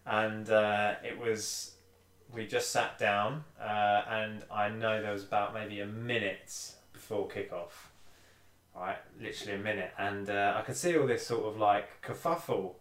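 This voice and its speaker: A man's voice: on the low side, steady tone, a little slow, fairly bright tone, far from the mic. A man co-hosting a football podcast, telling a story in casual chat with lots of fillers and restarts. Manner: hesitant, many fillers and restarts. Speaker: podcast co-host. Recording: echoey room, voice a bit off-mic.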